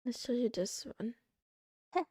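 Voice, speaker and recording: Woman streamer, slow unhurried chat, slightly high voice, excitable rambling with playful meows, dry close sound. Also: breathy edge, no room sound. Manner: rambling and excitable, meowing between remarks. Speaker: livestreamer. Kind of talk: casual chat to a live audience.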